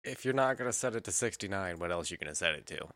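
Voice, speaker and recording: A man co-hosting a podcast, chatting in an animated way and laughing a lot. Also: low-pitched, fast talker, no echo, clean studio sound. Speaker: podcast co-host. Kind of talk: casual chat.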